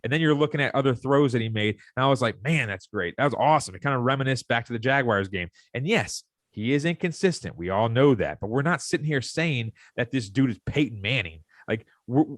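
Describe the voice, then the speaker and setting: A young man co-hosting a sports podcast. He rants in a heated, fired-up way at a mid pitch. His voice sounds close and dry, with no room echo. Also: animated, a little fast, hardly any pauses. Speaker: podcast co-host. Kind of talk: casual sports podcast rant.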